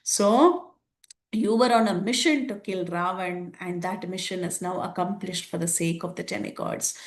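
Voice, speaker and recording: A woman teaching a scripture class, retelling the story in a lively way and laughing often. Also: fairly low pitch, normal speed, roomy sound. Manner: animated storytelling with frequent laughs.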